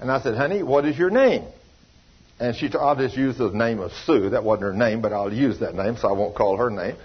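A man's voice: mid-range voice, a little fast, breathy edge, dull audio. A man preaching a sermon, telling a story and acting out the voices of the people in it, in a folksy, down-home way. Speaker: pastor.

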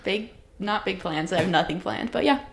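A woman's voice: mid-range voice, lively intonation, normal speed, creaky. A woman in her twenties, a podcast guest chatting casually, easygoing and giggly with lots of fillers. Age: 20s.

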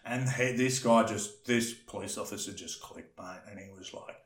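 A man telling a rambling, animated story in casual chat, swearing freely. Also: fairly low pitch, normal speed, roomy sound. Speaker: podcast guest telling a story.

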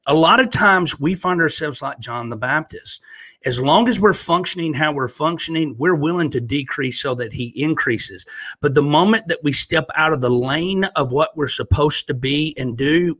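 A man's voice: a little high, normal speed, bright, forceful tone, dry recording. A man with a Southern US accent, a guest on a faith podcast, preaching earnestly and slipping in self-mocking jokes. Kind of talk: casual faith podcast chat.

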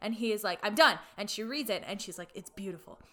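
A woman's voice: mid-range voice, animated, quick pace, fairly bright tone. A woman in casual chat retelling a story, full of "like" fillers and playfully irreverent asides.

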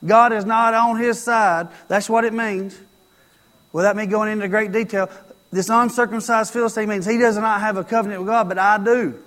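A man's voice: high voice, fairly even intonation, moderate pace, a bit bright, in a large hall. A man preaching a sermon, telling a story and acting out its lines, repeating phrases for emphasis.

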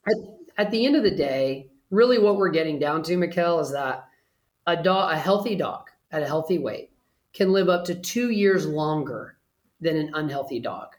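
A man's voice: on the high side, animated, normal speed, reverberant. A man, a pet trainer guest, talking earnestly and persuasively in a casual interview.

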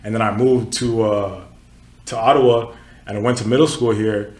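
A man's voice: lowish voice, moderate pace, reverberant. A man in his twenties, born in Nigeria, hosting a casual podcast chat and telling stories with lots of filler words. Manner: relaxed storytelling with filler words. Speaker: podcast host.

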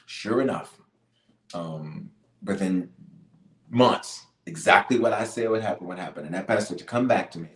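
A bishop with a low voice leads a live-streamed prayer at normal speed, the recording carrying a roomy echo. He's fervent and pleading, repeating his points for emphasis.

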